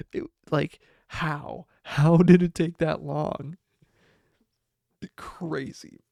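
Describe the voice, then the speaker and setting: A man's voice: a little high, level tone, very slow, vocal fry, long pauses, mellow, dry recording. A man hosting a casual solo livestream podcast. He rambles, restarts his sentences, corrects himself often and laughs a lot. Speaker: podcast host.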